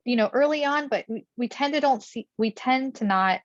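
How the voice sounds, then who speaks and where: A woman hosting a podcast interview, asking questions in a relaxed way with many fillers. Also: high voice, moderate pace, no room sound. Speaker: podcast host, speech-language pathologist. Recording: dull, dry remote mic.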